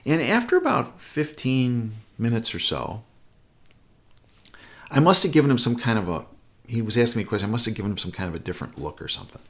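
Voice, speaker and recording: A man's voice: mid-range voice, lively intonation, a little fast. A man hosting a show, telling a personal anecdote in an earnest, conversational way. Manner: acts out both sides of a remembered conversation. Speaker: host. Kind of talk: anecdotal storytelling.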